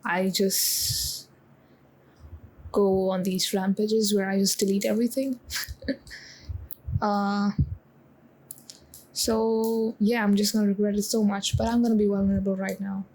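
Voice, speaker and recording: Slow halting twenty-something woman vlogging, sounds like she's about to cry, lots of pauses. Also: medium pitch, level tone, darkish tone, rough recording. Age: 20s. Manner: halting, full of pauses and restarts. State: close to tears, shaky. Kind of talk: confessional vlog monologue.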